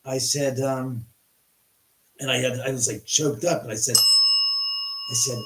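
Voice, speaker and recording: Excitable, rambling male livestream host, mid pitch, in an echoey room. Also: slow, pauses often. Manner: rambling, excitable, many restarts and profanity. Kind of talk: live-stream storytelling. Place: his house.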